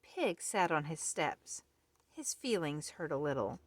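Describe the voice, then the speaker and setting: A woman reading a children's picture book aloud in a gentle, friendly way. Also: sits low, sing-song, unhurried, dry recording. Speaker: storybook reader.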